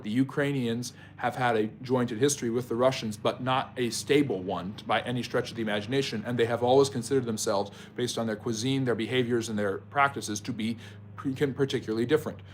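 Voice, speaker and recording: A man's voice: medium pitch, a little hiss or hum. Man explaining history to live chat. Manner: explains at length, with frequent ums and self-corrections; talks directly to chat viewers by name. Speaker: history channel host. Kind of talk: live-stream Q&A, answering viewer chat.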